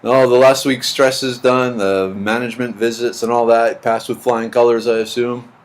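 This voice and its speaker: Speaking at medium pitch in a level tone and moderate pace, a middle-aged livestream host reads his chat aloud. His casual replies to viewers wander and repeat words.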